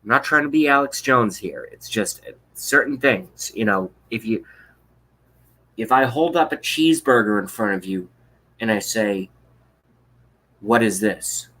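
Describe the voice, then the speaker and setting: A man's voice: on the low side, lively intonation, moderate pace, pushed and bright, rough recording. A man hosting a livestream, delivering an angry, profane political rant with contempt. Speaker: livestream host.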